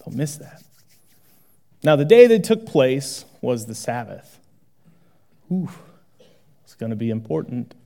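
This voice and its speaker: A male pastor preaching a sermon in a conversational, animated way, moving between loud exclamations and hushed asides. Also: medium pitch, a little slow, creaky, pauses often.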